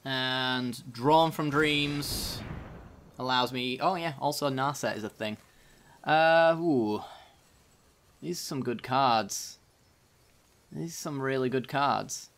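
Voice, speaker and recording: A man's voice: mid-range voice, slow pace, creaky, long pauses, fairly bright tone. A man casually commenting on his own card game as he plays, thinking aloud about each move. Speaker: gaming channel host.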